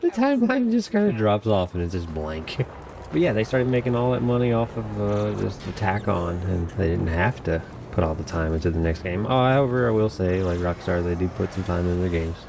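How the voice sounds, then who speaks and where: A man's voice: low voice, expressive, a little fast, creaky, background noise. An American man hosting a casual podcast, rambling and joking with a lot of laughs. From United States. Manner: jokey, rambling, laughs often. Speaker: podcast host.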